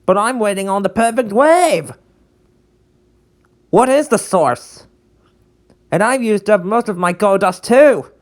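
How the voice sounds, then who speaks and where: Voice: mid-range voice, expressive, slow pace, long pauses. A performer voicing a carefree, beach-loving young male conductor in a fan redub, with a laid-back, slangy delivery.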